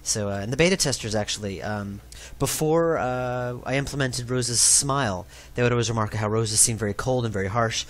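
A man's voice: mid-range voice, brisk. A man giving a rambling, self-deprecating developer commentary for his own game. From New York.

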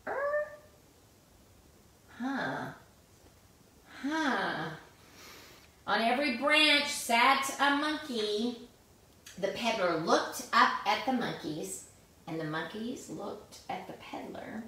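A woman reading a picture book aloud in an animated, exclamatory way, chatting about the pictures as she goes. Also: fairly high pitch, slow, pauses often. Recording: echoey room, mic at a distance.

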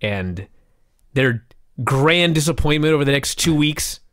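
Animated, profane man on a podcast. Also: on the high side, unhurried, dry recording, studio quality. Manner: animated, profane, impassioned storytelling. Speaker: podcast co-host. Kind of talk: casual wrestling review chat.

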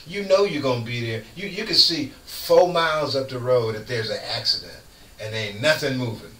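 A man who is a guest on a radio show, preaching in casual chat with fervent, lively storytelling. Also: mid-range voice, moderate pace. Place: radio studio. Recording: echoey room, far from mic, faint noise.

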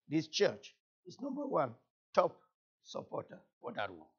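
A man from Cameroon with a Cameroonian French accent, whose first language is French, preaching a fervent sermon as a guest pastor, repeating phrases and rising to shouts. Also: on the high side, wildly swooping pitch, measured pace, husky, lo-fi sound.

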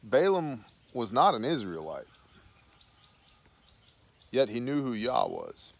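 A man's voice: mid-range voice, wildly swooping pitch, takes it slowly, gravelly. A man hosting a Bible study, reading scripture aloud and then dropping into slangy, casual asides.

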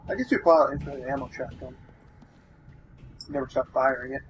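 A man's voice: medium pitch, a little fast, slight background noise, low-quality recording. A man joking along during casual video game commentary. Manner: lively, joking. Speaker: let's play co-commentator.

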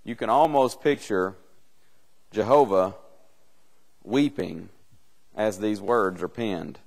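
A man's voice: lowish voice, takes it slowly, gravelly. An earnest man leads a church Bible class in a plain, conversational voice. He often doubles back on words as he builds each point. The sound has a long reverb from the church room.

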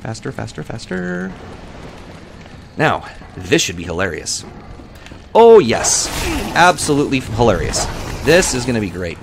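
Man streamer, unhurried but jumpy, talks himself through the game with a gravelly voice; noisy home recording. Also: mid-range voice, very animated. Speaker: let's play livestreamer. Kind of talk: live gameplay commentary.

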